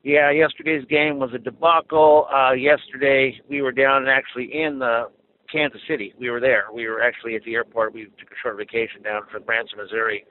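A man's voice: medium pitch, little pitch movement, a little fast, slight background noise. A man from Minneapolis, Minnesota, calling in to a fan show, chatty, cheerful and rambling over a tinny phone line. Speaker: caller.

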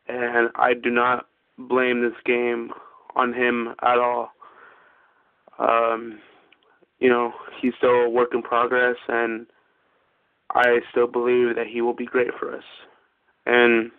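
A male caller talking hesitantly with many pauses and ums. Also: medium pitch, no room sound. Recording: tinny phone line.

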